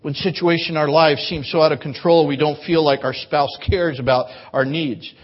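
This man delivers an earnest, conversational sermon in a church, with a husky, slightly raised voice. The recording is dull and lo-fi. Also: on the high side, steady tone, moderate pace. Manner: conversational, earnest preaching with repeated restarts. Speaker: pastor. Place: church sanctuary.

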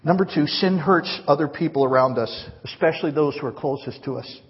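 A man preaching a sermon, his voice very husky and pitched a bit high. He talks in an earnest, conversational way. The sound rings with a long hall reverb and comes across dull and lo-fi. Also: fairly quick. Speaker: pastor.

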